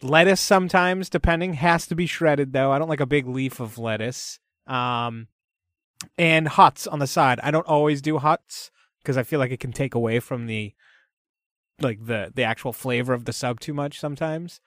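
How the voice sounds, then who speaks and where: A man's voice: medium pitch, normal speed, a bit bright, no echo, clean studio sound. A man co-hosting a casual podcast, chatting loosely with plenty of fillers and frequent laughs. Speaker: podcast co-host. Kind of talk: casual chat.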